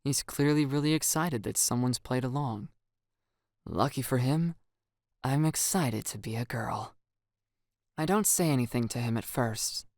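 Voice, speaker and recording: A man narrating a first-person story in a calm, even storytelling manner. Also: medium pitch, measured pace, no room sound, clean studio sound. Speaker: audiobook narrator.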